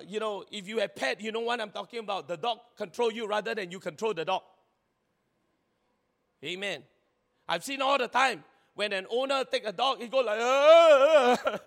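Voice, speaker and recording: Guy preaching a sermon, really high voice, animated, long hall echo. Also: creaky. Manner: animated, chatty, laughs often, acts out little scenes. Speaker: pastor.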